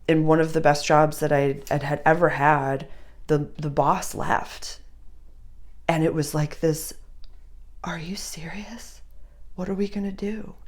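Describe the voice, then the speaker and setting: A woman's voice: sits low, a little mellow. A woman giving a casual, chatty astrology reading, speaking straight to the listener and sometimes dropping to a whisper. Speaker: astrology reader.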